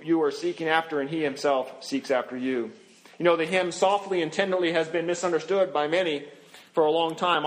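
A man with a high-pitched voice delivers a sermon as pastor. He preaches earnestly, slowing down and sinking low as he finishes each scripture line.

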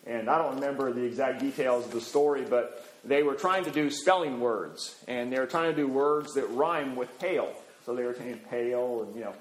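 A man's voice: mid-range voice, normal speed, hardly any pauses, roomy sound, low-quality recording. A middle-aged male preacher giving a sermon in a folksy, anecdotal way, with many fillers and asides.

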